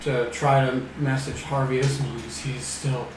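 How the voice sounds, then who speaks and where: A man playing a tabletop game, speaking haltingly, with fillers. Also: medium pitch, little pitch movement, a little hiss or hum. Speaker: player. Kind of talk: tabletop game play, casual. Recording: very echoey, distant mic, music.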